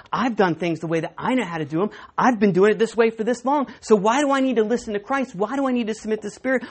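A woman's voice: fairly high pitch, darkish tone, husky. A middle-aged woman preaching a conversational sermon, with self-deprecating asides and stories.

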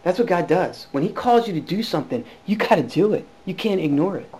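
A male pastor preaching a sermon, telling his own calling story with lively swings between hushed and loud delivery and frequent restarts. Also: sits high, fairly quick. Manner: frequent restarts and repeated words. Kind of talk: sermon with personal testimony.

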